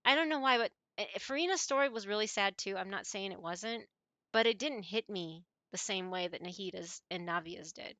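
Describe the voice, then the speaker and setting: A woman's voice: medium pitch, moderate pace, bright, forceful tone, no echo. A woman streamer chatting casually with her live viewers, emotive and rambling as she reads chat messages aloud.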